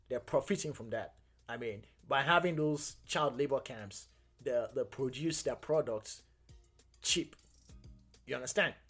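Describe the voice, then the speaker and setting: Host, male, husky voice, impassioned commentary with faint music behind. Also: fairly high pitch. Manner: emotional, heated, repeats phrases. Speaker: talk show host.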